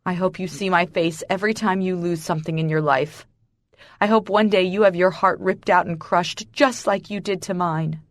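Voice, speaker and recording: A woman's voice: fairly low pitch, steady tone, normal speed, dry recording, clean studio sound, lightly acted. Woman voicing a screaming heartbroken young woman. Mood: bitter. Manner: screaming, voice cracking.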